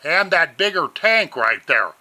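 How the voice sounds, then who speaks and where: Reviewing vape gear from home on his webcam, this Montana vlogger rambles in a folksy way and calls his audience ladies and gentlemen. His voice is a little high, very animated and creaky, with a measured pace.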